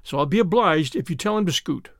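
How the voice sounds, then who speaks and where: A man's voice: on the high side, animated, fast talker, dry recording. A man reading aloud, voicing a brash young American millionaire who talks dryly. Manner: dry, drawling.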